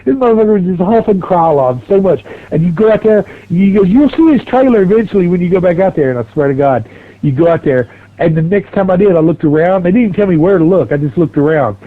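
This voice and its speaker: A man's voice: sits high, animated, fast, narrow, tinny audio. A middle-aged man telling a long, profane, rambling story on a game stream.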